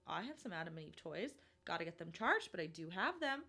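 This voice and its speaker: A woman's voice: lowish voice, very animated, brisk, gravelly, pushed and bright. A young woman from Minnesota hosting a solo podcast, chatty and self-deprecating, with lots of fillers. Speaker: podcast host.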